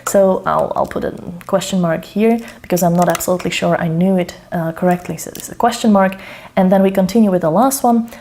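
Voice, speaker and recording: A woman's voice: fairly low pitch, steady tone, fairly quick, dark tone, slight background noise. A woman demonstrating her language study method, hesitant and self-checking, muttering to herself while she writes by hand. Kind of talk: casual think-aloud tutorial. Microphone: camera over her shoulder.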